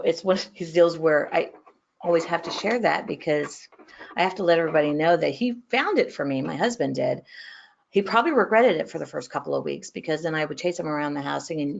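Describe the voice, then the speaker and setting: A woman's voice: sits low, creaky. A woman from San Antonio, presenting a legal training webinar in a chatty, joking way. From San Antonio, Texas. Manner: chatty, self-deprecating, joking. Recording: slightly muffled online audio.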